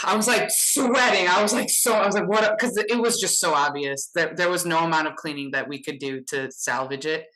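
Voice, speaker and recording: Woman podcast guest, bright voice, animated storyteller, casual. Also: low voice, low-quality recording. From Chicago area. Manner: animated anecdote teller with lots of "like".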